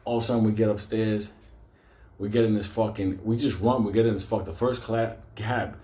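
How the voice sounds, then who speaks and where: A man with a New York accent telling a wild story with constant swearing, getting loud and excited at the scary parts. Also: fairly low pitch, brisk, echoey room. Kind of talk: profane comic storytelling.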